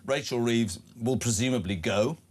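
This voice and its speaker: A man's voice: medium pitch, normal speed, husky. Guy hosting breakfast radio, jokey and blunt, reads out texts. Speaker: radio breakfast show host. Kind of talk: casual talk radio chat.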